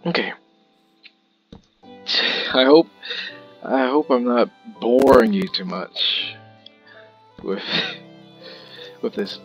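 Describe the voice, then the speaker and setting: A man's voice: medium pitch, lively intonation, very slow, pauses often, dull audio, soft background music. A man casually commenting on his own gameplay, rambling and playful with goofy wordplay, recorded on a home mic. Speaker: gaming video creator. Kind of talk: casual let's-play commentary.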